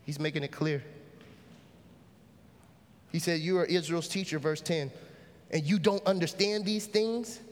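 A man preaching a sermon in a lively, casual style, calling out to the congregation for a response. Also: a little high, a little slow, long pauses. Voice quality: casual, conversational phrasing. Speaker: pastor. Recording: hall reverb.

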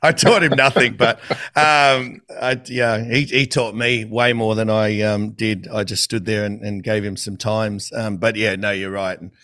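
A man with an Australian accent hosting a casual podcast interview in a relaxed, friendly way. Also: on the low side, measured pace, few pauses. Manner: relaxed, friendly, trailing off quietly. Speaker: podcast host.

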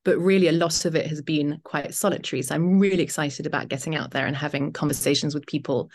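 A woman's voice: deep voice, steady tone, fast talker. A British woman, a journalist and author, talking as a guest in a podcast interview, thoughtful and with frequent fillers. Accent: British English. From Britain. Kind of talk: conversational interview.

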